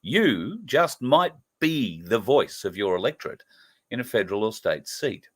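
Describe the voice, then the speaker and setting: Brief: middle-aged Australian male host, lowish voice, earnest, emphatic political monologue with plenty of uhs. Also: very animated, measured pace. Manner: earnest, emphatic, with frequent fillers.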